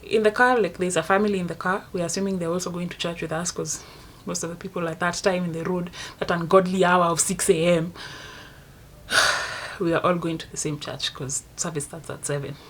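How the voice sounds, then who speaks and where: A woman's voice: lowish voice, fairly even intonation, brisk, slight background noise. Dramatic young Kenyan woman telling a story. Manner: dramatic storytelling, swinging between loud outbursts and hushed asides. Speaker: vlogger. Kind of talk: casual storytime monologue.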